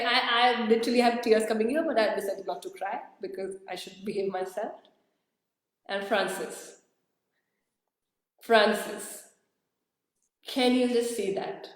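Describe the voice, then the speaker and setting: A woman's voice: medium pitch, fairly even intonation, unhurried, pauses often, very echoey, low-quality recording. A woman hosting an online workshop showcase, talking in an effusive, emotional way over a video call. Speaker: workshop host.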